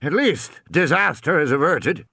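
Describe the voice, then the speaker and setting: A man's voice: on the high side, lively intonation, unhurried, vocal fry, bright, forceful tone, slightly rough, no room sound, clean studio sound, voice pushed up, heavily acted. A man voicing a stiff, self-important old man. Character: stiff, pompous old park owner.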